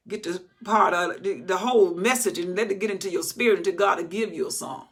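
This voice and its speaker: Older woman Bible teacher, folksy and animated, husky worn voice, acts out the verses. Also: mid-range voice. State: voice recovering, slightly worn.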